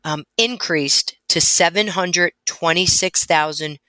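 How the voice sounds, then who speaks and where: Female radio co-host, bright clear voice, dry close sound, informative. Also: on the low side, slow, no echo. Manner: informative, reads out figures. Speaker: radio co-host, mortgage expert. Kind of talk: radio talk.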